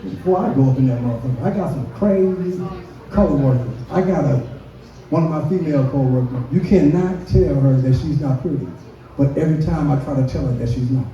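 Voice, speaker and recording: Profane storytelling comedian in a dark, echoey room. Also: male voice, a little high, fairly quick. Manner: profane storytelling with acted-out quotes. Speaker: stand-up comedian. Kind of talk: stand-up comedy set. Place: brewery comedy stage. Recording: dull, echoey room from a distance.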